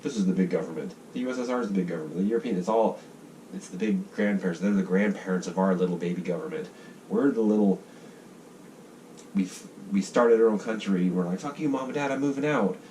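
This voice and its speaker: Deep-voiced rambling American man. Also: fast talker, dark tone. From United States. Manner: rambling, swearing, acts out voices of groups. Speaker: vlogger sketching ideas. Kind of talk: casual rambling monologue. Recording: distant mic with faint noise.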